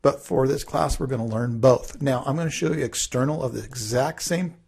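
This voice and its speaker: A man teaching a class through a relaxed, conversational screen-recorded coding tutorial, thinking aloud as he works. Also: medium pitch, fairly quick, creaky, husky.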